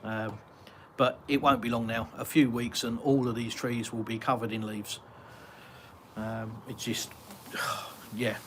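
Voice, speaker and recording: A man's voice: mid-range voice, little pitch movement, a little slow, a bit bright, slight background noise. An English man from Britain hosting a casual live Q&A from his garden, rambling and chatty with many ums and uhs as he reads viewer comments aloud. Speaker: live-stream host answering viewer chat.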